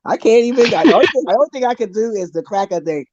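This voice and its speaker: Loose, swearing host on a call. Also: male voice, high voice, animated, fast talker, a little mellow, dry recording, dull audio. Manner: loose, swearing, prodding the guest. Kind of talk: casual chat. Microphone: video call.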